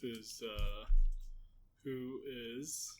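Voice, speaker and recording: A man's voice: mid-range voice, steady tone, drawn-out words. A man playing in a tabletop role-playing game, giving short offhand replies. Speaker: player. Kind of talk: casual tabletop play.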